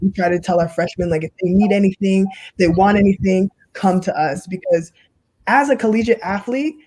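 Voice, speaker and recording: A woman's voice: medium pitch, normal speed, darkish tone, dry recording, rough recording. A young woman who is a college athlete, speaking earnestly as an advocate on a casual panel. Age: young adult.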